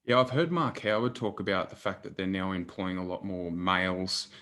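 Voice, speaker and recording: A man's voice: low-pitched, moderate pace, fairly bright tone. A man hosting a podcast interview, asking questions in a conversational way and sometimes restarting them. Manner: conversational, stumbles over questions. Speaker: podcast host.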